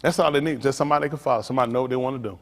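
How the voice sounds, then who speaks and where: A middle-aged man pastor, teasing and preaching to his congregation in a joking, animated way. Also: mid-range voice, very fast. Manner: animated, teasing, talks straight to the crowd. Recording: long hall reverb.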